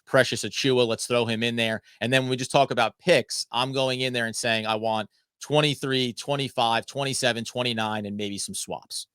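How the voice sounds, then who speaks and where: A man's voice: medium pitch, steady tone, normal speed, fairly bright tone, clear, resonant tone, no echo, clean studio sound. A man hosting a sports podcast, talking casually, rambling and correcting himself as he goes. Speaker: podcast host.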